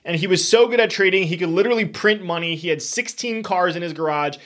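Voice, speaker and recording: A man's voice: sits high, quick pace, fairly bright tone. A young man hosting a podcast, upbeat, effusive and emphatic as he welcomes listeners and introduces a guest. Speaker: podcast host. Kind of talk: enthusiastic podcast intro and interview.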